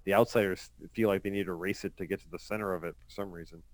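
A man's voice: sits low, quick pace, no room sound. A man chatting casually about a comic book with friends, laughing often and talking loosely with many fillers. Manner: laughing, animated, lots of fillers. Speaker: comic book discussion panelist. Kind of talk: casual chat.

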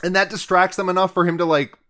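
A man with a slightly raised voice chats casually as a podcast co-host. He recaps a movie in a loose, rambling way, dropping filler words and crude jokes. He keeps slipping into quick, offhand impressions of the characters. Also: high voice, flat delivery, fairly bright tone. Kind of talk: casual chat.

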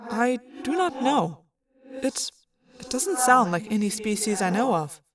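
A woman voicing a polite, formal male alien who speaks quietly and precisely. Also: a little high, sing-song, unhurried, a crowd in the background, pitched above the performer's own voice. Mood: earnest.

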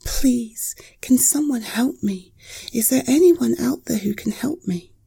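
A woman voicing a small, frightened young male bunny in a soft, breathy whisper for a bedtime story. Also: medium pitch, measured pace, full character voice. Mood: pleading.

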